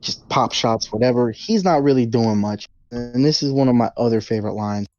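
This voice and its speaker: A man's voice: medium pitch, brisk, darkish tone, highs cut off. A man co-hosting a podcast, retelling a movie plot casually and animatedly with sound effects. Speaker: podcast co-host.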